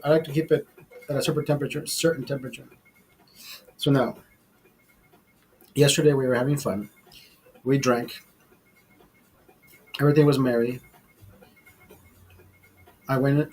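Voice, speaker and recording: A man's voice: medium pitch, darkish tone, husky, poor audio. A man telling a story to his camera in a heated, profane rant, repeating himself as he goes. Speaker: vlog host.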